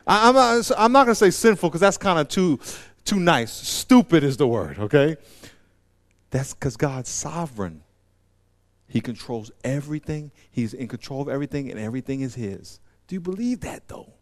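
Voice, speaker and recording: A male preacher delivering a sermon in a loose, conversational style. He drops to quiet, low asides and then climbs to loud, high, emphatic peaks. He acts out voices and uses slang along the way.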